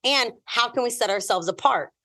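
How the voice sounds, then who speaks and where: A woman realtor, a guest on a podcast, telling stories in a casual, animated way. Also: a little high, normal speed. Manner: animated, acts out voices in her stories. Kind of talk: casual storytelling in an interview.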